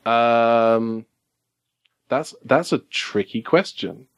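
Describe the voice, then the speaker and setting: Male game master, mid-pitched, casual and halting narration. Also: smooth. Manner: hesitant, many fillers. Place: game store in Burbank.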